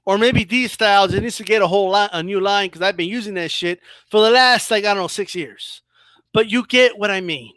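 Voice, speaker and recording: A man hosting his own boxing channel, giving casual, animated commentary with a mocking edge and frequent restarts. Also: high voice, brisk, dry recording.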